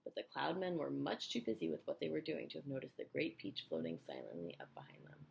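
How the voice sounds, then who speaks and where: A woman reading a children's book aloud, telling it in an expressive, animated way. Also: low voice, fast talker, vocal fry, slight background noise. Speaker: storyteller.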